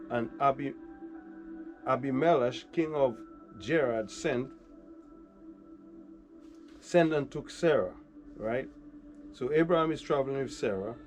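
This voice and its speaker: A man of middle pitch leads a Bible study. He reads the old verses slowly, then breaks them down in relaxed slang, often checking in with his listeners. Faint music plays softly behind him. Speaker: Bible teacher. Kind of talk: Bible reading and commentary.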